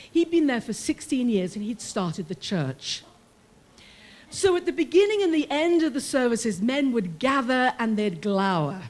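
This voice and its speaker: A middle-aged woman with a British accent tells a personal story from her time as a prison chaplain. Her voice sits high and swings widely in pitch as she plays out the people she quotes. Her delivery is warm and humorous, paced for a live audience. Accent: British English. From Britain.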